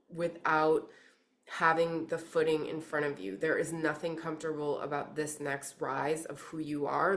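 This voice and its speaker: Gushing woman with a lowish voice. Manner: gushing and rambling, heavy use of "like" and "freaking"; emphatic, urging the listener. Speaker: intuitive card reader. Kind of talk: casual spiritual reading to camera.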